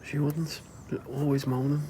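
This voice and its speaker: A man's voice: fairly high pitch, level tone, a little slow, background noise. A man with a Liverpool accent chatting casually to viewers on a livestream, rambling, laughing often and swearing freely.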